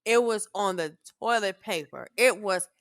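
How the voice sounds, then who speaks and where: A woman's voice: medium pitch, moderate pace, dry recording, clean studio sound. A middle-aged woman, a mother co-hosting a family podcast, telling stories in casual chat with lots of swearing, acting out her own reactions as she goes.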